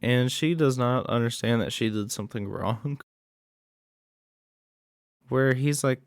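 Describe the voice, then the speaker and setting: A man's voice: mid-range voice, measured pace, pauses often, dry recording, studio quality. A man casually recapping a horror movie plot in a rambling way, with many fillers and asides.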